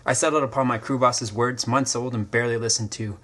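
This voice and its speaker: A man reading a scripted first-person story, measured and literary, with short terse sentences. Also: mid-range voice, fairly even intonation, bright, forceful tone. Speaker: story narrator. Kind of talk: scripted dramatic narration.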